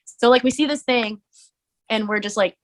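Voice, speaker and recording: A young adult woman, a musician and streamer, chatting casually as a podcast guest, full of "like" fillers and quick to laugh. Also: on the high side.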